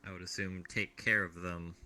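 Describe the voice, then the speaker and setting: A man's voice: low voice, flat delivery, moderate pace, sharp tone. A man in a roleplay session, talking in an easygoing, mild way. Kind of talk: in-character roleplay.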